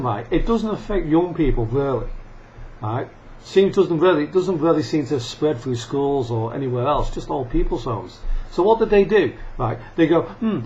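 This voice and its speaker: A man's voice: a little high, a little mellow. Man, profane rant, angry and scoffing, faint background hiss. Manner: angry, sweary, laughs and coughs between rants. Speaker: vlogger. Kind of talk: profane ranting monologue. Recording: dull lo-fi sound with faint noise.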